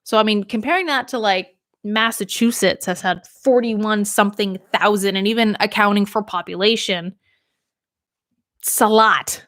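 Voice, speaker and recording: A young woman from Maine who works as a radio DJ, chatting on a livestream in a loose, rambling way. She's a little tipsy from drinking and laughs easily. Her voice sits at an ordinary pitch and sounds dry and close, with no room around it. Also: moderate pace, fairly bright tone, dry recording. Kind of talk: casual livestream chat.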